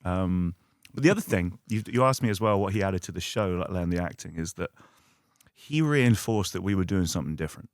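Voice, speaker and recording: A middle-aged man, an actor guest on a podcast, telling stories in a casual, animated way, swearing and acting out loud quoted lines. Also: fairly quick, no echo, studio quality. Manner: animated, acts out quotes in loud high bursts.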